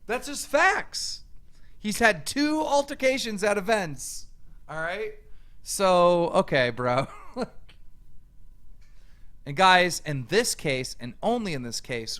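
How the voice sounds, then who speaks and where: A man's voice: sits high, lively intonation, takes it slowly. A man ranting angrily in a reaction video, mocking and profane as he answers back to a clip. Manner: mocking, profane, shouting rebuttals. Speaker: online commentator. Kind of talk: angry reaction rant.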